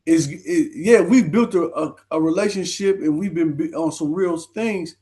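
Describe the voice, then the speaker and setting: A man's voice: a little high, normal speed, dark tone. A man guest, retelling a story in an earnest, emotional way, close to tears. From Minneapolis, USA.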